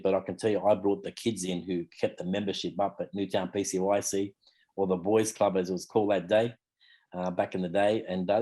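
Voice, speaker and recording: A man's voice: deep voice, mellow. An Australian man in his fifties, a martial arts teacher talking casually in an interview, rambling and leaning on fillers like "you know" and "mate". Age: 50s.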